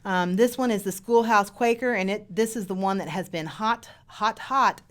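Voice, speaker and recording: Gushing, excited woman host. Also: medium pitch, moderate pace. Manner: gushing, excited, laughs easily. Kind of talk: casual live chat.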